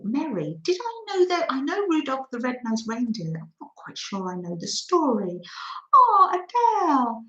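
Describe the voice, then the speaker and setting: A woman's voice: sits high, a bit bright, echoey room. A woman hosting a chatty craft livestream, reading out and answering viewer comments and laughing often. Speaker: livestream host.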